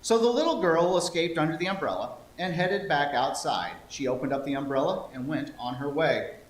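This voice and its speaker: A man's voice: a little high, fairly quick. A man telling an interactive story to a congregation, playful and coaxing listeners to join in. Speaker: lay speaker telling a children's story. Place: church sanctuary. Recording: echoey church hall, faint hum.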